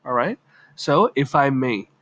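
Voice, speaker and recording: A man's voice: medium pitch, expressive, measured pace, a bit bright, highs cut off. A man teaching English in a casual video lesson, chatting through examples and acting out short lines.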